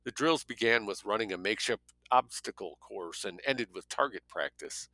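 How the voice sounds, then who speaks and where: A man's voice: fairly low pitch, lively intonation, moderate pace, sharp tone, dry recording. A man narrating a thriller audiobook in a plain reading voice, now and then dropping offhand asides of his own. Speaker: audiobook reader.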